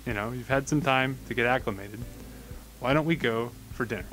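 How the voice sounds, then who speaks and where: A man's voice: medium pitch, brisk, a bit bright, soft background music, close to an everyday voice. A young man voicing a lonely pet owner in a told joke, coaxing his new pet politely. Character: eager lonely man who bought a pet.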